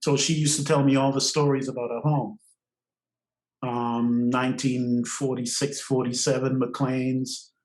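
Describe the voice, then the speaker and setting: An older man from Trinidad, a podcast guest, telling stories in an animated way and laughing often between phrases. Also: medium pitch, measured pace, roomy sound, low-quality recording. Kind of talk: storytelling interview.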